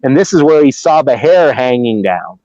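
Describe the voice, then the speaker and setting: A man's voice: mid-range voice, very animated, normal speed, mellow, dry recording. A middle-aged man from Ohio, telling a story in a casual, rambling way, with restarts and acted-out quotes. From Ohio, USA. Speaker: Bigfoot researcher guest. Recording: dull lo-fi dry remote audio.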